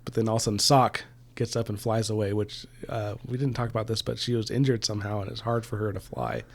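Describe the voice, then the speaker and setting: A man's voice: fairly low pitch, quick pace, creaky. A man co-hosting a casual book discussion podcast, animatedly retelling the plot. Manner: animated retelling, acting out the characters. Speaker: podcast co-host.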